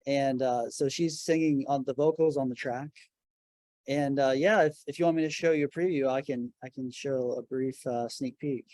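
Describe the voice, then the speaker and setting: A man's voice: mid-range voice, steady tone, moderate pace, darkish tone, dry recording. A middle-aged man talking casually about his record label and faith in an interview from his office, earnest and full of restarts. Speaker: guest, record label founder.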